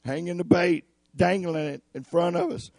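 A man with a raspy voice preaching a sermon in an earnest, emphatic way. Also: high-pitched, normal speed, a little mellow, no room sound, clean studio sound. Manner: earnest, emphatic, addresses listeners as y'all.

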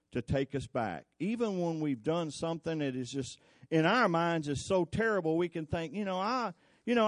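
A man's voice: on the high side, no room sound, clean studio sound. A man preaching a folksy, conversational sermon, telling stories and asking the congregation questions.

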